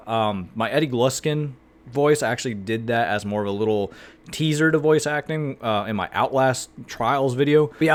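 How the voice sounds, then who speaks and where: A man with an American accent, talking casually to camera as a YouTuber, rambling and chatty with many fillers. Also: mid-range voice. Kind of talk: casual vlog talk to camera.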